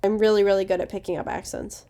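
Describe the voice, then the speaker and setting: A woman's voice: mid-range voice, level tone, fast, warm tone. Chatty confident woman podcast co-host. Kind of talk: casual chat.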